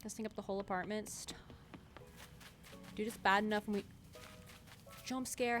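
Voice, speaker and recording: A woman's voice: mid-range voice, fairly even intonation, moderate pace, pauses often, a bit bright. Chatty young woman streamer with game music. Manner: chatty, giggly, reads chat aloud. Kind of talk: casual gaming stream chat. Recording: game music clearly heard behind.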